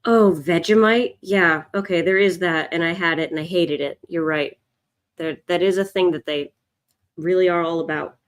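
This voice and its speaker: A woman's voice: on the low side, fairly even intonation, normal speed. A woman hosting a live drawing stream, chatting casually and answering viewers' comments. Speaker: art livestream host. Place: home, in Chicago.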